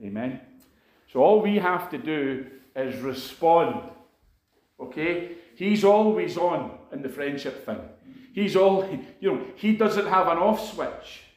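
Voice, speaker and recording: A man preaching a sermon, his voice sitting a little high for a man as he recounts a personal story. His delivery is earnest and conversational, full of asides to the congregation. The sound rings around an echoey room. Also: expressive, takes it slowly, darkish tone. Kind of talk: sermon testimony.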